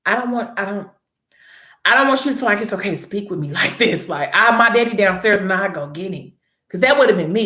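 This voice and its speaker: A young woman recaps a story in a casual, animated way, full of slang and quick asides. Her voice sits at a middle pitch and rings in a roomy, echoey space. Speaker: book recap vlogger. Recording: roomy echo.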